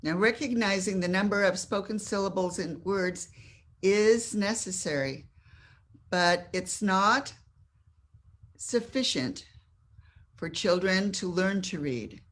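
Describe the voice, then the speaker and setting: A woman's voice: medium pitch, slow pace, pauses often, a bit bright. A woman presenting slides to parents in a workshop, explaining in an informal way and adding small asides while she handles the slides. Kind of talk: presenting slides in a live session.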